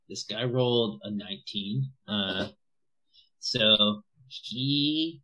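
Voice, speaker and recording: A man narrating a tabletop game as game master, halting with many restarts. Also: on the low side, bright, forceful tone.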